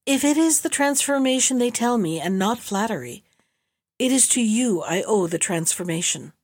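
A gentle young maiden from an old tale, polite and devoted, as a woman reads her. Her voice rides high and sounds dry and close. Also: expressive, normal speed, dry recording.

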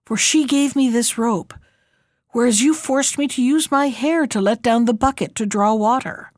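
A woman's voice: a little high, moderate pace, no echo, clean studio sound, natural voice. A woman doing a bitter servant woman. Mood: resentful. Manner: firm refusal.

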